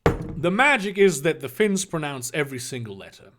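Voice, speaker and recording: A man's voice: fairly high pitch, sing-song, moderate pace, background noise. A man reading fan fiction aloud with sarcastic, swearing asides. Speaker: reader.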